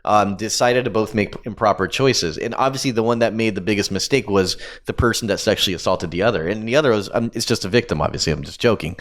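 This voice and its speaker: A man's voice: lowish voice, fast talker, few pauses. A man co-hosting a casual podcast, arguing his opinions in a rambling way, full of ums and you-knows. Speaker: podcast co-host. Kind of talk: casual debate chat.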